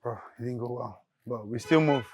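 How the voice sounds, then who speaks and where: A man's voice: medium pitch, a little fast, a little mellow, natural voice. A man playing an easygoing Nigerian driver. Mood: friendly. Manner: easygoing, casual. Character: friendly young jobless driver.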